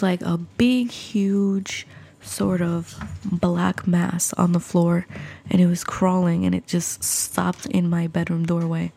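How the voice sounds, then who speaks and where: A woman's voice: on the low side, vocal fry, dark tone. A woman hosting a podcast, telling a spooky story in a chatty way, full of fillers and asides to the listeners. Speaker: podcast host.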